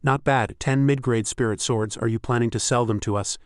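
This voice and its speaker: A man's voice: medium pitch, fairly even intonation, brisk, clear, resonant tone, dry recording, studio quality, natural voice. A man voicing a shrewd, composed young woman who runs a trading pavilion. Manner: composed, direct.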